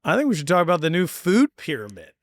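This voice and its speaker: A man hosting a podcast in casual chat, talking bluntly with lots of swearing and quick bursts of speech. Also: on the high side, huge pitch swings, no echo, clean studio sound. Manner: blunt and profane, fast bursts. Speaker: podcast host.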